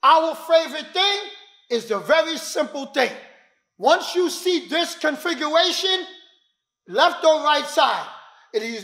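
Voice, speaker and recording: A male self-defense instructor with a very high, sharp and forceful voice. He is emphatic and street-wise, and he punches key words loudly. The sound is echoey, as if recorded in a gym. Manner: emphatic, street-talking, bursts of loud stress. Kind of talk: demonstration teaching. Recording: echoey room.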